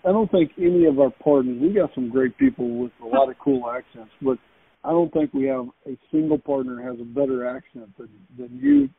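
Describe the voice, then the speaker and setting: A man's voice: on the high side, sing-song, a little fast, gravelly, husky. A man hosting an interview, effusive and praising, often stammering and repeating words. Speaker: host, company executive. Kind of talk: casual interview chat. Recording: tinny phone-like call audio.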